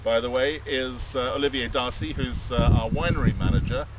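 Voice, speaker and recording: A man's voice: medium pitch, fairly even intonation, normal speed. An English man presenting a casual vineyard update outdoors, hesitating with fillers and restarts. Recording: distant mic outdoors, loud wind and traffic.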